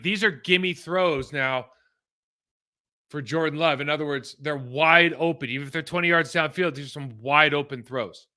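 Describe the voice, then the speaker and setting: A middle-aged man from California talks through football tape like a former player among friends, loose and animated, dropping "man" and "like" as he goes. His voice sits a little high and sounds very bright and forceful, with a sharp, pressing edge. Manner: conversational and animated, with fillers like "man" and "like". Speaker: former pro football player turned analyst. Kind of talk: casual game-film breakdown.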